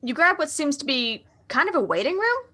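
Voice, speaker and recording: A woman narrating a live tabletop role-playing game as game master, setting scenes in a measured, descriptive way. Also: sits high, sing-song, bright, forceful tone.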